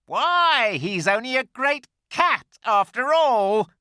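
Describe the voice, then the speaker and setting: A man reading an audiobook, voicing a cruel mob of hags and beasts with high, mocking, taunting cries. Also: big pitch swings, slow pace, pushed and bright, clear, resonant tone, dry recording, clean studio sound, heavily acted. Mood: jeering. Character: jeering mob of hags, dwarfs and apes. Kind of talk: audiobook character voice.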